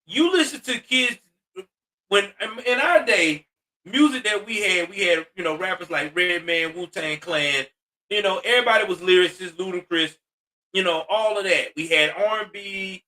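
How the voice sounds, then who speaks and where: A man with a bright, high-pitched voice delivers blunt, profane commentary, lecturing his listeners. He sounds exasperated and straight-talking. The voice sits a little back from the mic. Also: moderate pace, far from the mic. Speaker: commentary host. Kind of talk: ranting social commentary.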